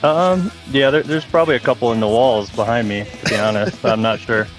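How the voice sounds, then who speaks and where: A man's voice: medium pitch, brisk, faint music behind. A man with an American accent, a regular podcast guest, talking casually and wryly from his home basement over a call. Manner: relaxed, wry, hesitant with fillers. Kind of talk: casual chat. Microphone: headphones and mic on a video call.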